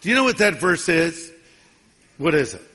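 Husky and slightly high, with a sharp, sing-song quality at a normal speed, this sixty-something pastor tells folksy, funny stories as he preaches. His sermon echoes with the long reverb of a big hall.

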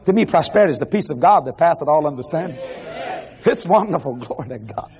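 A man preaching an animated evangelical sermon to a congregation on television, laughing and shouting asides as he goes. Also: fairly high pitch, quick pace. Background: faint congregation crowd.

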